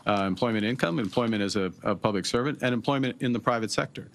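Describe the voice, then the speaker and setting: A middle-aged man from Canada answering reporters' questions at a press conference, measured and halting, with many pauses and fillers. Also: medium pitch. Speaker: prime minister at a press conference.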